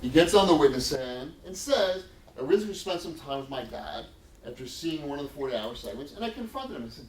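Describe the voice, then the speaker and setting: A man's voice: a little high, brisk, a little hiss or hum. A man telling his own story to an audience in a lecture room, emphatic and acting out the quotes. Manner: animated, emphatic, acts out quotes. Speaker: exonerated speaker at a college lecture. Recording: roomy hall sound from a distant mic.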